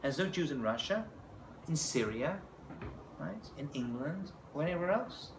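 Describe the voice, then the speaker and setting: A male rabbi gives a lively class lecture with a fairly high, very expressive voice, dropping in jokes as he goes. The room is echoey, and there is steady noise in the background. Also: normal speed. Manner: animated, joking asides, asks the audience "right?". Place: class room with a live audience.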